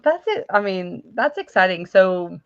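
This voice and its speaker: A woman's voice: medium pitch, big pitch swings, measured pace. A woman who co-hosts live streams, chatting casually and rambling with lots of "like". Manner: rambling, fills with "like". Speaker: fellow livestream host. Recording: muffled lo-fi mic.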